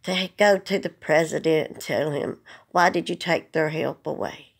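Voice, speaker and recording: A woman's voice: low-pitched, moderate pace, vocal fry, husky. A woman speaking earnestly to the camera, holding back tears as she pleads. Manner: earnest, pleading, plain-spoken. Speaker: vlogger. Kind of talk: emotional direct-to-camera message.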